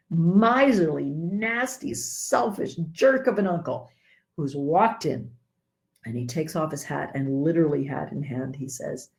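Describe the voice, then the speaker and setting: A woman, a Buddhist teacher, giving a dharma talk with animated, earnest storytelling. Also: sits low.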